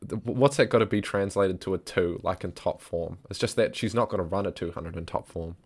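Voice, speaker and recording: A man's voice: sits low, fairly quick. A young man co-hosting a casual sports watch-along livestream, joking and chatting as he reacts. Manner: laid-back, joking, chatty. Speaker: livestream co-host.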